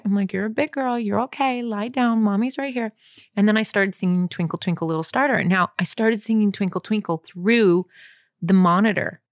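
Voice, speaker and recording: A woman's voice: medium pitch, no echo, studio quality. A young adult woman co-hosting a casual talk show, telling a long story in a chatty way, full of "like" and asides to listeners. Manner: chatty storyteller, lots of "like" and "you guys". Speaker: podcast co-host. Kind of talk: casual chat.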